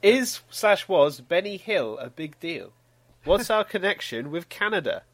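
A playful English man co-hosts a podcast, his fairly high voice bouncing up and down as he jokes along. The sound is dry and close, with no room around it. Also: very animated, a little slow, a bit bright, dry recording. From England. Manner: playful, giggly banter. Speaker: podcast co-host. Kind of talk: casual chat.

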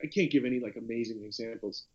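A man's voice: medium pitch, fast talker, dull audio. An Irish man co-hosting a casual podcast chat over a video call, telling stories animatedly with many restarts. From Ireland. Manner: animated storyteller, frequent restarts. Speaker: podcast co-host.

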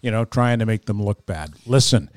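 A man's voice: on the low side, animated, brisk, clean tone, dry recording. A man co-hosting a podcast, reading a sponsor spot in an easygoing, rambling way and hedging as he goes. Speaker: podcast co-host. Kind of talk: casual chat, sponsor read.

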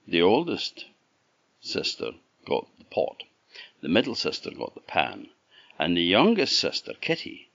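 Orkney scottish storyteller, very deep, animated, chatty asides. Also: male voice, gravelly, lo-fi sound. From Orkney, Scotland. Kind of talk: folk tale storytelling.

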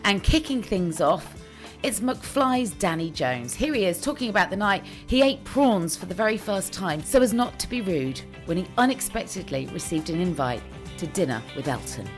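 Lively woman host introducing an episode. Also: on the low side, normal speed, faint music behind. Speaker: podcast host. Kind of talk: scripted introduction.

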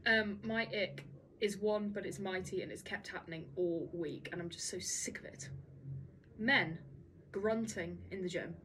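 A woman's voice: medium pitch, fairly even intonation, fairly bright tone, distant mic, slight background noise, poor audio. Young woman, a little off-mic, eager reactions. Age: 20s. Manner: enthusiastic, quick reactions. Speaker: podcast co-host. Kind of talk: casual chat.

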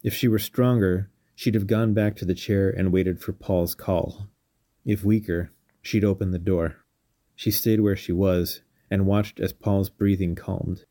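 Man, storyteller, scripted narration, very low pitch, dry sound. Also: warm tone, no room sound. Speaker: storyteller and podcast host.

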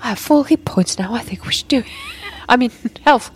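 A woman's voice: fairly high pitch, expressive, brisk, slightly rough. A woman playing a tabletop game who talks in a playful, giggly way. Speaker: player. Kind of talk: casual tabletop play.

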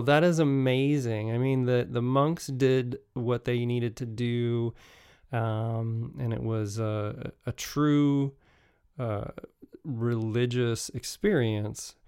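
A man casually telling travel stories as a podcast host, halting and restarting often, with frequent chuckles. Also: mid-range voice, clean tone, dry recording, studio quality.

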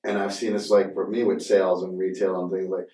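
Male podcast host, low-pitched, loose rambling delivery, roomy sound from a distant mic. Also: level tone, fairly quick, warm tone. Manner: rambling, with many fillers and restarts. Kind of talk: casual conversation.

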